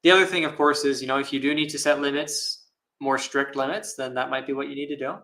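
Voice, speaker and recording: In this low-quality recording, the monk talks fast in a mid-range voice with fairly even intonation. It's an easygoing live Q&A, and he answers thoughtfully, often laughing and padding his words with fillers in a bright, clear tone.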